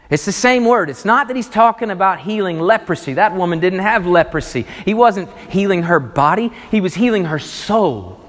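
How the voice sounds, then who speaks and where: A male pastor preaching a sermon, emphatic and swinging between loud and hushed delivery. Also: on the high side, very animated, normal speed, few pauses. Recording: long reverb of a large hall.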